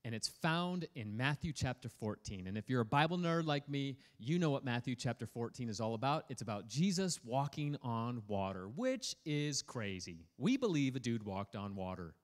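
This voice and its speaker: A pastor preaching a sermon in an energetic, playful way, prodding the congregation to respond. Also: male voice, medium pitch, normal speed, few pauses. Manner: energetic, playful, prods the audience for feedback.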